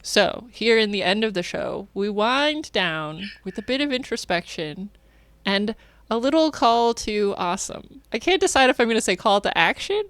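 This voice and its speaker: A woman hosts a podcast with a smooth, resonant voice. She chats casually and curiously, laughing easily. The sound is dry and close, with no room around it. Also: mid-range voice, sing-song, a bit bright, no echo. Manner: curious, chatty, quick to laugh. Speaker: podcast host.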